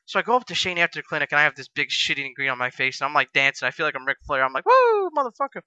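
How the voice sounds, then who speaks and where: A man co-hosting a casual podcast, telling lively stories and acting out the people in them. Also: medium pitch, very fast, smooth, no echo, poor audio. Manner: animated, acts out quoted voices with profanity. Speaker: podcast co-host, wrestler.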